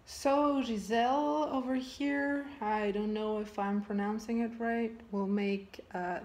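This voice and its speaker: A woman vlogger chats in a slow, easygoing way, with a middle-pitched voice. She is self-deprecating and often lets her phrases trail off quietly. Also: little pitch movement. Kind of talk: casual vlog chat.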